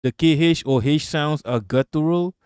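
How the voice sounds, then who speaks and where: A man's voice: a little high, moderate pace, a little mellow, clean tone, no echo, clean studio sound. Profane, rambling male streamer. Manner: profane, rambling, laughs often. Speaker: streamer host. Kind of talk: casual livestream commentary.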